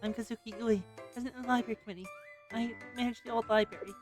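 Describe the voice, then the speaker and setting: A woman's voice: fairly high pitch, steady tone, rapid-fire, music in the background, natural voice. A woman voicing a timid young female librarian who speaks in a hesitant, mumbling voice. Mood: hushed wary.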